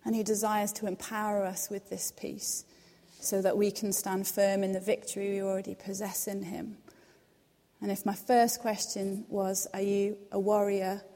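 A young adult woman giving an earnest, reassuring devotional talk, reading scripture in a softer voice. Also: medium pitch, flat delivery, normal speed. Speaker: devotional speaker. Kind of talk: devotional teaching. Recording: long hall reverb.

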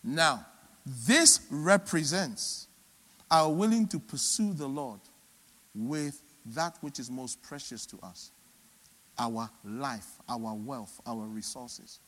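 A man preaching a sermon, swinging between loud emphatic peaks and soft low asides. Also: lively intonation, slow. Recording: long hall reverb.

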